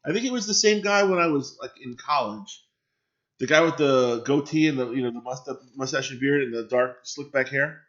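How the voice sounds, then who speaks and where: A man's voice: mid-range voice, brisk, fairly bright tone, lo-fi sound. A man hosting a casual live stream, chatting and reacting to viewer comments and swearing freely.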